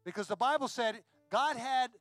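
High-voiced man preaching a story sermon. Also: normal speed, fairly bright tone, no room sound, soft background music. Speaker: pastor. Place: church.

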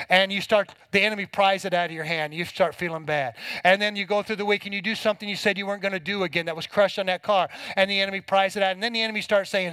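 A man with a high voice preaching a sermon in a folksy, emphatic way, leaning on homespun examples. He sounds middle-aged, and the sound is dry and close, with little room around it. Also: steady tone, quick pace, fairly bright tone, no echo, low-quality recording. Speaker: pastor.

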